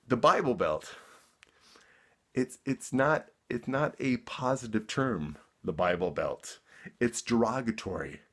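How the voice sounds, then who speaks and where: A man's voice: medium pitch, fairly bright tone. A man ranting to camera in a vlog, worked up and emphatic, sarcastic at times, tripping over and repeating words when heated. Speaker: vlogger.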